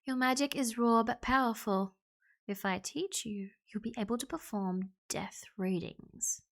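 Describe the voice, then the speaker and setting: A woman's voice: fairly high pitch, unhurried, creaky. A woman streaming a story game live, reading it aloud, chatting and laughing, and slipping into a playful pirate brogue. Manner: chatty, laughs often, talks to her pet and chat. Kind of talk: live game playthrough with voiced characters.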